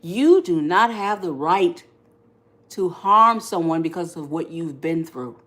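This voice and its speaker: Animated woman coaching viewers on a live stream. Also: on the low side, takes it slowly. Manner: animated, preacherly, reads viewer comments, laughs often. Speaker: podcast host and life coach. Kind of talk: live-stream relationship advice chat.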